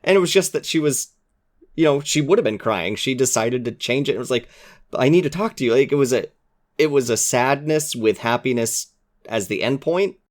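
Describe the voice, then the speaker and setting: A man's voice: medium pitch, lively intonation, moderate pace. A man guesting on a podcast, talking earnestly and with enthusiasm, sometimes acting out quoted lines. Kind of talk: casual chat.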